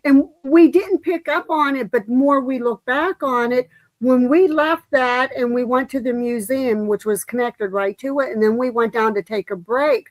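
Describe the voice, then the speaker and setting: A woman hosting a casual live-stream chat, telling a story in an animated way and quoting what others said. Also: high-pitched, moderate pace, no echo, rough recording. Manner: animated storytelling with quoted voices. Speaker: livestream host.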